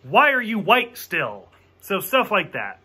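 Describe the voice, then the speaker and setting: This man's high, bright voice is also husky, with huge pitch swings and a slow pace. He gives a loose movie review, ranting bluntly, cursing freely, leaning on "like," and acting out quotes.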